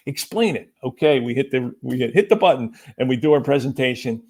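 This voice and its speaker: Animated storytelling American businessman. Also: mid-range voice, fairly quick, few pauses. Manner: animated anecdote-telling, acts out quoted voices. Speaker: company president, podcast guest. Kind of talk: storytelling interview answer.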